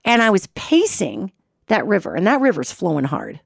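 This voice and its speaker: A middle-aged woman hosting a radio show, telling a personal story in an expressive way and imitating sounds as she goes. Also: mid-range voice, moderate pace, gravelly, breathy edge, no echo, studio quality.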